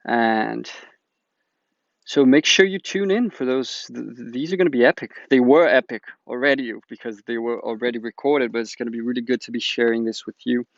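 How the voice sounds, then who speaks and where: Male host, chatty and keen, gravelly voice, muffled lo-fi sound. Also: mid-range voice, brisk, dry recording. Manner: upbeat, chatty, enthusiastic. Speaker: agroforestry teacher, channel host. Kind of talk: casual announcement to viewers. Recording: dull lo-fi dry recording.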